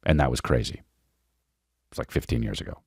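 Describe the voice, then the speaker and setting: A man hosting a podcast, telling a rambling comic story in a profane, animated way. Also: very deep voice, brisk, creaky, husky, dry recording. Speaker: podcast host. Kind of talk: comedic storytelling.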